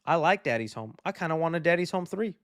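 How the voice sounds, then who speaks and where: Male livestream host with a high, bright-pitched voice; relaxed and chatty, dry close sound. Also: fast, dry recording. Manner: relaxed, friendly and chatty, trailing off often. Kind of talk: casual livestream chat, reading viewer donations.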